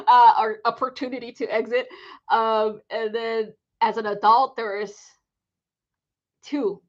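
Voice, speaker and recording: A woman's voice: a little high, steady tone, slow pace, dull audio. A woman hosting a live psychic reading stream, telling rambling stories in casual chat, laughing often and swearing freely.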